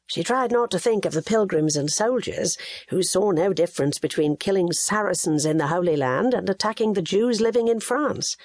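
Woman audiobook narrator, lively and husky. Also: on the low side, moderate pace, no echo. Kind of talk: scripted narration.

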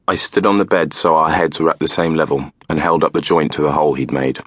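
A man narrating a novel in the first person, calm and measured. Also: extremely low pitch, no echo, studio quality. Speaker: audiobook narrator.

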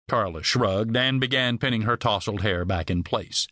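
A man reading a western novel as an audiobook narrator, measured storytelling with close studio miking. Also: on the low side, pushed and bright, no echo. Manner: measured storytelling with varied voices.

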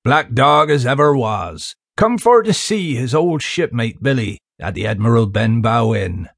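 A man voicing a menacing, wheedling pirate with a fawning, sneering manner in an audiobook, speaking low and hushed. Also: big pitch swings, unhurried, creaky, breathy edge, no room sound, full character voice. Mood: sly. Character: menacing wheedling male pirate, missing fingers. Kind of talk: audiobook character voice. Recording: dry close studio sound.

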